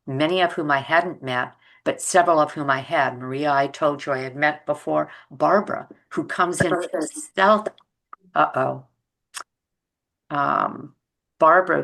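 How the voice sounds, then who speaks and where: A woman's voice: sits low, creaky, a bit bright. An older woman talking casually to her vlog audience in a rambling, reflective way, full of fillers and restarts. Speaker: vlogger.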